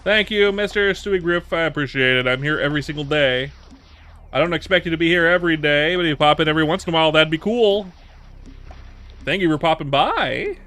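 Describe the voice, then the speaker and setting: A man's voice: on the high side, pushed and bright. A man in his thirties chatting casually on a livestream, answering viewer questions in a rambling way with many restarts and repeated words. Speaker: streamer.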